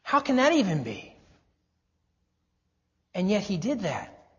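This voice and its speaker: A man preaching a sermon, asking the congregation questions and slowing right down to stress key phrases. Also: sits high, huge pitch swings, a bit bright. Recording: dull lo-fi sermon recording.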